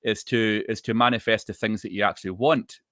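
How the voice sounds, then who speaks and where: A man's voice: fairly low pitch, steady tone, fairly quick, a bit bright, no room sound, studio quality. A man co-hosting a live online chat, explaining his ideas steadily and repeating phrases for emphasis. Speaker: co-host, intuitive reader. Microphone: live online video call.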